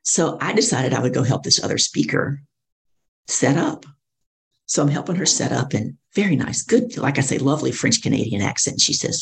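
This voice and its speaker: A middle-aged woman, a professional speaker and coach, telling her story in an interview and acting out other people's lines in lively voices. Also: extremely low pitch, moderate pace, creaky.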